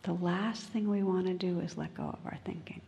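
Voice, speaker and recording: A woman meditation teacher giving a dharma talk, gentle and unhurried and often dropping to a whisper, recorded in a large meditation hall. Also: lowish voice, steady tone, gravelly.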